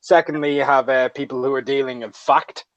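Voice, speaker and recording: A man talking as a guest in a casual chat, explaining his points in a measured way with some hesitation. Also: mid-range voice, fairly even intonation, no echo, lo-fi sound.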